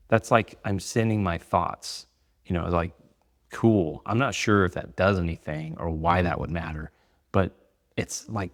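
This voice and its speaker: A man's voice: deep voice, moderate pace. A man and business owner giving casual advice to the camera, conversational and rambling, with many fillers. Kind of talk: casual talking-head advice.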